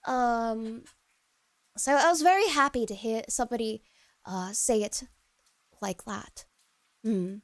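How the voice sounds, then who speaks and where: A woman casually chatting to viewers on a live stream, wandering and hesitant with lots of fillers and restarts, often trailing into soft, low murmurs. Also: slow pace, long pauses, dry recording.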